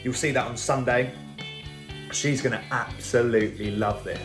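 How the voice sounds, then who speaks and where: A man hosting a cooking vlog, tasting his dish and gushing over it in an excitable, casual way. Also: medium pitch, moderate pace, roomy sound, over music. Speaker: cooking show host.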